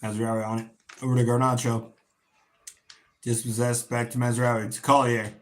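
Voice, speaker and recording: A tired, yawning man hosts a casual football watch-along livestream, calling the play and chanting. He swears freely and bursts into shouts when goals go in. His medium-pitched voice moves little and keeps a moderate pace.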